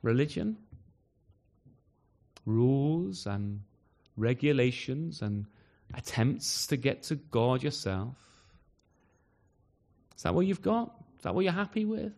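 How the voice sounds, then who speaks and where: Emphatic preacher man, lively tag questions. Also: medium pitch, takes it slowly, gravelly, pauses often. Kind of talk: sermon. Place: church service in the evening.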